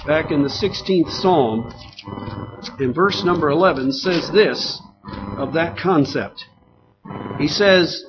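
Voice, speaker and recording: A man preaching a sermon in an earnest, emphatic, conversational way, with many fillers. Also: a little high. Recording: dull lo-fi sound with faint noise.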